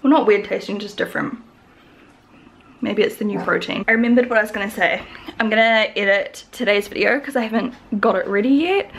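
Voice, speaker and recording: A woman's voice: mid-range voice, brisk, fairly bright tone, slight background noise. A young woman with a New Zealand accent chatting casually to camera in a home vlog, full of "like" fillers. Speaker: vlogger.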